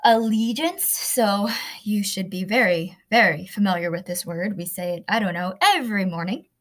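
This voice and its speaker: A woman teacher recording a vocabulary lesson, slowly pronouncing each word and explaining it with everyday examples. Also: mid-range voice. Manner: slow, careful pronunciation drills.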